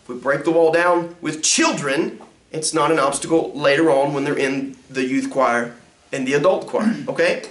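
A man, a pastor teaching a music ministry class in an animated lecture that swoops up and down in pitch. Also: moderate pace. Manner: acts out sounds and quotes with big pitch jumps. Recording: roomy echo.

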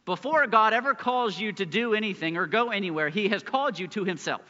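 Man, pastor, sermon, earnest, loud and hushed by turns, higher voice, dull recording. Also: animated, fairly quick. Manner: earnest preaching, swings between loud emphasis and hushed lines. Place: church sanctuary. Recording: muffled church recording with long hall reverb.

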